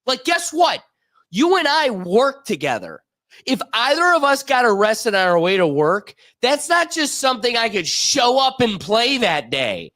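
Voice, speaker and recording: A man's voice: extremely high pitch, sing-song, unhurried, bright, forceful tone, dry recording, studio quality. A man co-hosting a sports podcast in casual chat, emphatic and acting out little scenes. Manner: emphatic, acts out scenarios. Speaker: podcast co-host.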